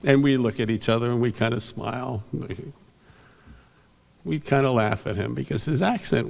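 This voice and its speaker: An older man telling rambling, animated anecdotes on stage at an awards ceremony, correcting himself as he goes, through a stage microphone in a convention hall. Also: mid-range voice, moderate pace, creaky. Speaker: veteran comic book inker and speaker. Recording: long hall reverb.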